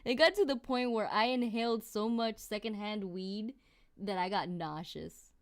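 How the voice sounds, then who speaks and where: A woman streamer chatting casually with her viewers, telling stories in an animated, exclamatory way. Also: medium pitch, normal speed, clear, resonant tone.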